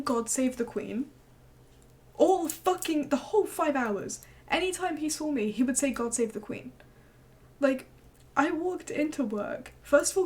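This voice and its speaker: A young woman streamer telling a story in casual chat, animated and swearing freely as she acts out what people said. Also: high voice.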